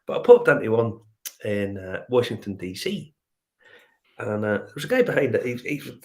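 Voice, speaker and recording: A middle-aged man with a Northern Irish accent, telling animated travel stories in casual chat and acting out the dialogue. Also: fairly low pitch, normal speed. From Northern Ireland. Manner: animated storyteller, acts out dialogue. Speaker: whiskey show guest.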